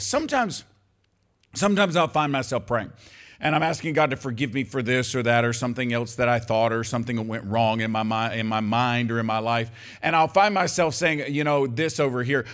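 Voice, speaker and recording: An older man preaching a sermon, emphatic and conversational, often calling out to the congregation. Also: on the high side. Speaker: pastor.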